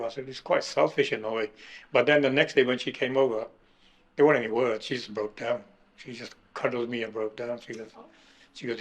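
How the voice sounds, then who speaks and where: A middle-aged man recounting his kidney transplant in an emotional interview, halting and restarting as he speaks. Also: medium pitch, little pitch movement. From United Kingdom. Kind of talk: emotional personal account.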